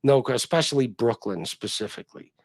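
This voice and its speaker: Man, livestream host, casual rambling chat, profane, lively swinging pitch, dry close sound. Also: a little fast, dry recording. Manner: rambling, profane, chatting with viewers.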